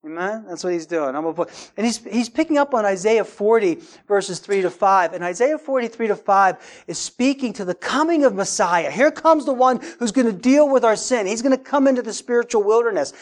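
A man's voice: high voice, lively intonation, fairly quick, hardly any pauses. A man preaching with urgency and emphasis. He repeats key words, checks in with his listeners, and drives his points home as he goes. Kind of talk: sermon.

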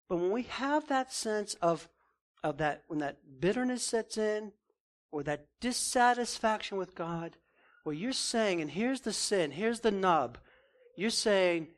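A man's voice: high-pitched, animated, moderate pace. A man preaching a sermon in an earnest, emphatic way, asking questions and answering them himself. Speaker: pastor.

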